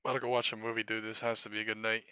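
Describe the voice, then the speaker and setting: Male trading streamer, profane and exasperated, very bright voice, dry close mic. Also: on the low side, completely flat delivery, rapid-fire, clear, resonant tone, no echo. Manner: profane, exasperated rambling about trades. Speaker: live stock trading streamer. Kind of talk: casual live-stream commentary.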